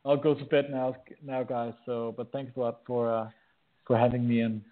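A man with a Danish accent, a podcast guest in a relaxed, effusive casual chat, often pausing on filler words. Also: medium pitch. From Denmark. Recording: phone-like narrow line.

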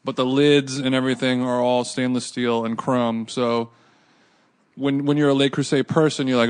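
A man's voice: mid-range voice, level tone, moderate pace, smooth. Joking man hosting a casual chat. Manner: joking, teasing banter. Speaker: podcast host.

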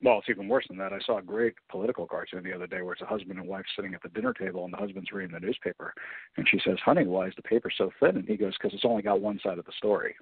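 A man's voice: lowish voice, big pitch swings, racing, creaky, breathy edge, dry recording. A man giving passionate, indignant political commentary as a guest on a talk radio show. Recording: tinny phone-like line.

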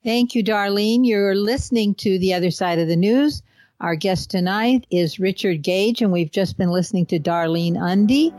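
A woman hosting a talk radio show, chatting casually and telling stories with lively laughter. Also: medium pitch, moderate pace, dry recording.

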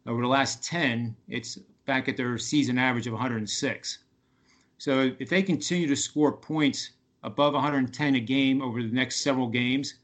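A man's voice: mid-range voice, fairly bright tone. A man talking as a guest sports betting analyst on a radio podcast, with lots of fillers and restarts. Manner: halting, many fillers and restarts. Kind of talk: casual radio talk.

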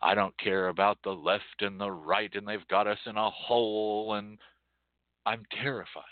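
A man hosting a show in an impassioned monologue, swinging from loud outbursts to hushed, near-whispered dread. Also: on the low side, flat delivery, moderate pace, no echo. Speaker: show host. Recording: tinny phone-like audio, dry.

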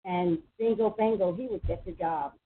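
A woman hosting a psychic call-in show, chatty and emphatic, with quick asides to her listeners. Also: on the low side, slight background noise. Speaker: psychic radio host. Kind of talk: casual call-in talk. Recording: tinny phone-line sound.

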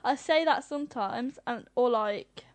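A woman co-hosting a radio show in casual chat, giggly and teasing, quick to laugh. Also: on the high side, no room sound.

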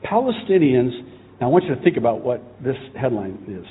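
A middle-aged man preaching a sermon as pastor, impassioned and at times rising to shouting. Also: mid-range voice, sing-song, a little fast, slightly rough. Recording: tinny phone-like sound.

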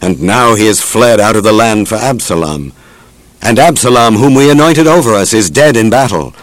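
A man's voice: lowish voice, expressive, normal speed, no room sound, close to an everyday voice. A man voicing protesting townsfolk. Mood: urgent. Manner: urgent, rising protest. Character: crowd of arguing townsfolk, spoken as one.

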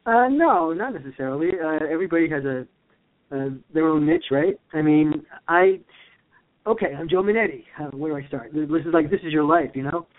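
A man's voice: fairly high pitch, very animated, a little fast. A man in his fifties from the USA, co-hosting a casual chat, playful and chatty with easy laughs. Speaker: co-host, actor. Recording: tinny phone line.

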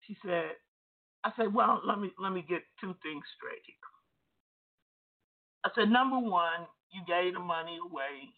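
A man's voice: high voice, normal speed. A man preaching, retelling a phone call as dialogue and repeating words as he goes. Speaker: pastor. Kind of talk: storytelling sermon. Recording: tinny phone-like sound.

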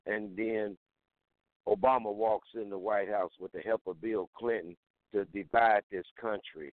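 Heated man on a call-in line, low voice, dry and tinny phone sound. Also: no echo. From Houston, Texas. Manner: heated, indignant, blunt. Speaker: caller. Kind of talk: call-in talk radio rant.

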